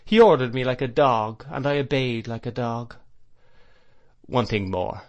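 A man reading a classic novel aloud as an audiobook narrator, in a measured way. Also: mid-range voice, a little mellow, highs cut off.

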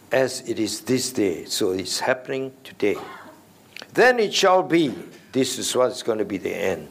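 A man's voice: mid-range voice, very animated, takes it slowly, pauses often, a little hiss or hum. A middle-aged man preaching an expository sermon as senior pastor, stressing key words and putting rhetorical questions to the congregation.

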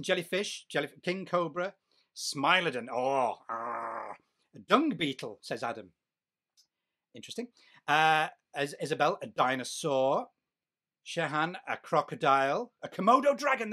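An enthusiastic man leads a live online nature talk for children as their storyteller. His pitch swings widely and playfully as he quizzes the audience. He reads out their answers and cheers each one on. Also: fairly bright tone. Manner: enthusiastic, reads out children's guesses and praises them; asks the audience questions.

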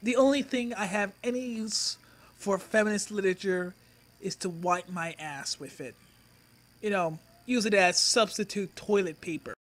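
A man ranting in a mocking response video, sneering and insulting with drawn-out pauses. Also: high-pitched, fairly bright tone. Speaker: YouTube commentator.

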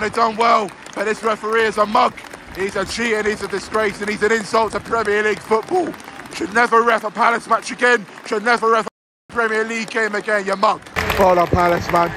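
Angry football fan filming himself in the stands; high, shouting voice over a loud, noisy crowd. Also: male voice, flat delivery, brisk. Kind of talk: live match reaction from the stands. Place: football stadium stands, outdoors. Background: roaring crowd.

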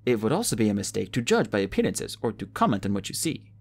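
A calm old alchemist who speaks smoothly and gravely, read by a man. The voice is a little husky, with lively shifts of pitch. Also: fast, full character voice.

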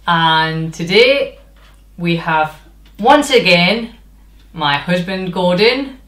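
A woman's voice: on the low side, animated, extremely slow, fairly bright tone. A woman hosting a casual language vlog, chatty, searching for words and slipping in Spanish phrases. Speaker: English teacher and vlog host. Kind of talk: casual chat. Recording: echoey room.

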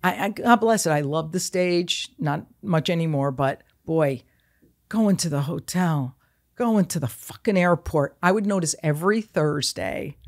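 Low-voiced blunt woman in her sixties. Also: measured pace. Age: 60s. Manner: blunt, profane, animated storytelling. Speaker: podcast guest. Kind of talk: casual chat.

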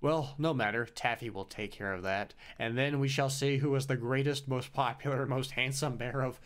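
A man's voice: medium pitch, steady tone, moderate pace, a bit bright, clear, resonant tone, natural voice. A man voicing a scheming, vain bear president from a video game, reading the dialogue aloud in a mock-serious tone. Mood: smug.

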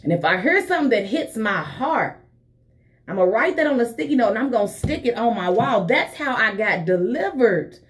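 A woman's voice: on the high side, sing-song, normal speed, slight background noise. A woman preaching a morning sermon on a live stream. She talks in a fervent, conversational way and calls her listeners honey and baby.

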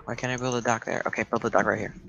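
A man's voice: medium pitch, fairly even intonation, rapid-fire, gravelly, pushed and bright, highs cut off. Teasing young man in game banter. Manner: teasing, joking. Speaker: co-player friend. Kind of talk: casual gameplay banter.

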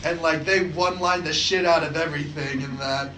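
Man, podcast co-host, casual chat, animated, profane, high voice, echoey room. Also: a little fast, a little hiss or hum. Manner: animated, profane, excitable storytelling.

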